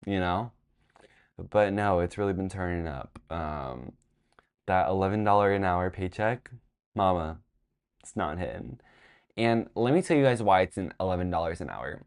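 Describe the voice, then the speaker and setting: Drained young man dishing casual vlog gossip. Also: low-pitched. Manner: dramatic, gossipy, swings between drained sighs and excited squeals. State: tired. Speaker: vlog host.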